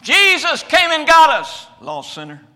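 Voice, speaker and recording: A man preaches from the pulpit of a church, his voice high and piercingly bright. He builds to shouted peaks, then drops almost to a murmur to drive a point home. The delivery is fervent and rhythmic. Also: huge pitch swings, measured pace. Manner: preaching with sudden shouted climaxes and quiet drops. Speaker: pastor. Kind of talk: fiery sermon. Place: church sanctuary.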